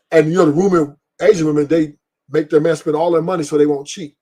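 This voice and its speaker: A middle-aged man with a husky, slightly raised voice hosts a casual stream. He talks bluntly and profanely, rambles from point to point and laughs at his own stories. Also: fairly high pitch, fairly even intonation, fast talker, mellow. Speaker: podcast host. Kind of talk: casual opinion talk on a live stream.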